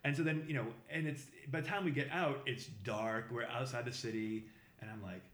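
A middle-aged man from the Boston area spins a rambling travel story, full of fillers and restarts. He talks fast in an echoey room. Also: steady tone, fairly bright tone. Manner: halting, many fillers and restarts, acts out voices with big pitch jumps. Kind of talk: casual anecdote telling. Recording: roomy echo.

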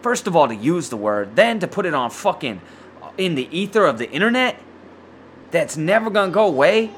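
A man hosting his own podcast, ranting loudly with lots of swearing and slang, stumbling over restarts, short of breath with a sore throat. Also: on the high side, very animated, a little fast, a little hiss or hum. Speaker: podcast host. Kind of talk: profane solo podcast rant.

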